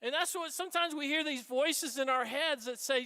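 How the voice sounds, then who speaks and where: A Catholic priest giving an animated, conversational homily. His voice is very high and bright, and he talks easily with the congregation. The sound carries a long church reverb. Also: moderate pace, few pauses. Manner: animated, conversational preaching with asides.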